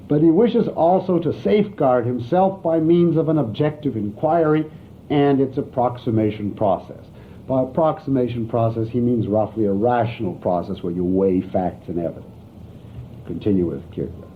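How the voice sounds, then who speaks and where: Wry man lecturing on tinny tape. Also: medium pitch. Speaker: philosophy lecturer. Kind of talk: university lecture. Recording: tinny, lo-fi archival lecture tape with faint hiss.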